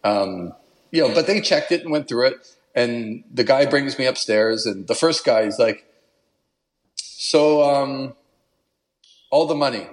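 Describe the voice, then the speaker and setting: Guest voice: a man, mid-pitched, animated storyteller, chatty and casual. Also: moderate pace. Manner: animated, laughs while telling, puts on an Italian accent for quotes. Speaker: podcast guest.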